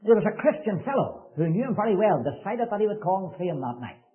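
A male preacher tells a story in a high, lively voice, rising to urgent, fervent emphasis and repeating his phrases. The sound is thin and tinny, like an old sermon heard over a phone line. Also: fast talker.

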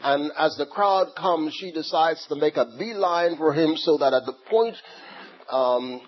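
A man preaching a sermon, retelling a scripture story in a slow, animated way and repeating words as he goes. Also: a little high, husky. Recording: dull lo-fi recording with faint ambience.

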